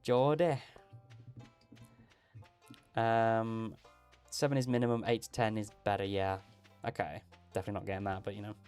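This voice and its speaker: A man's voice: fairly low pitch, steady tone, rapid-fire, hardly any pauses, a little mellow, soft background music. A man live-streaming a video game, chatting casually and rambling while reading chat. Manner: rambling, chatty, laughs often, reads out chat.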